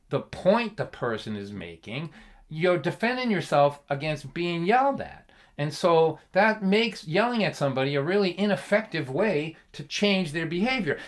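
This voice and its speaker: A middle-aged man from from there, telling a comic story in an animated way, laughing often and peppering it with "like" and "right?". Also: high voice. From Lynn, Massachusetts. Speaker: folk singer and storyteller.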